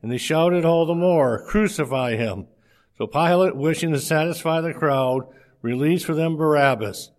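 In a higher-than-average voice, a man works through a scripture passage, reading it in a measured, steady manner with a handful of slips.

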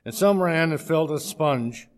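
A man reading a scripture passage aloud in a steady, measured way, with a few slips. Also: on the high side.

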